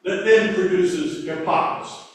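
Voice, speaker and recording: A man preaching a sermon as pastor, telling a story in a conversational way and quoting dialogue softly. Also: high voice, measured pace. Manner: conversational, quotes dialogue in a softer voice. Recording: echoey church hall, mic far off.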